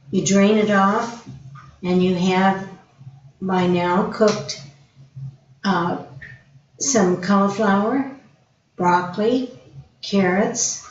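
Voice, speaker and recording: Casting: unhurried woman cook, calm explainer, distant roomy recording with faint hiss. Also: mid-range voice, lo-fi sound. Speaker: guest cook. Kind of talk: cooking demonstration.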